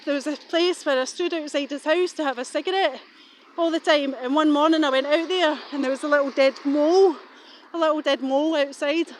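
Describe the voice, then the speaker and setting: A woman's voice: high-pitched, a little hiss or hum. A middle-aged woman, rambling suspiciously and swearing casually while she talks walking outdoors. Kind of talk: rambling walking vlog monologue.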